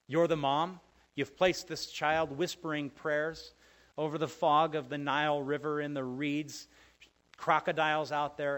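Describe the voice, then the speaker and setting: Male preacher, mid-pitched voice, expressive sermon delivery, loud stresses and soft asides. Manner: conversational, asks the listeners questions. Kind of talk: sermon, Bible teaching.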